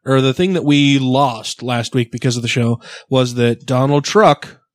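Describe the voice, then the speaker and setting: A man's voice: mid-range voice, fairly even intonation, a little slow, no room sound, clean studio sound. A man co-hosting a casual podcast, ranting with plenty of swearing. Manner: profane ranting. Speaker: podcast co-host. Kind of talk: casual chat.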